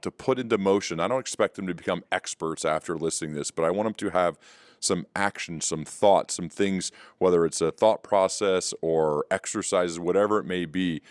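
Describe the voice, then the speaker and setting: Deep-voiced podcast host, dry sound. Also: male voice, dry recording. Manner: searching, thinking aloud. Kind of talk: interview questions.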